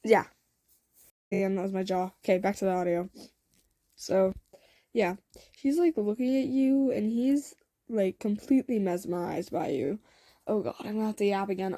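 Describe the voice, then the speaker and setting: A young woman tells a homemade love story in a loose, rambling chat, trailing off into fillers and little laughs. Her voice is mellow and warm at a middle pitch. The recording is dry and close. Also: no echo. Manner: rambling, filler-heavy, giggly. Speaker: fan audio story creator. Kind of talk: casual storytelling narration.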